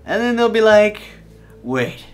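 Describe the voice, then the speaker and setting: Faint music plays behind a young gaming host's animated, fairly bright, medium-pitched voice as he talks at a normal speed over his gameplay. His commentary is casual, playful, and rambling, with frequent restarts and repeated words.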